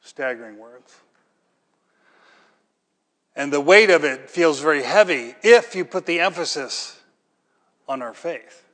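A man with a high, light voice delivers a sermon as pastor. He talks conversationally and throws in rhetorical questions, then builds to emphatic, ringing peaks. His words trail off into the long reverb of a large church hall. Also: fairly bright tone.

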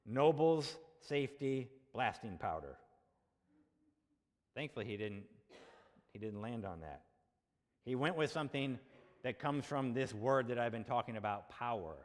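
A male pastor preaching a sermon in a conversational way, asking rhetorical questions and checking in with the congregation. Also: medium pitch. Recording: long hall reverb.

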